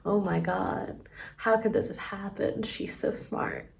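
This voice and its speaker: A woman's voice: on the high side, steady tone, measured pace, slight background noise, close to an everyday voice. Woman voicing a smitten mafia boss: melodramatic, exasperated, echoey room. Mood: flustered. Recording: roomy echo.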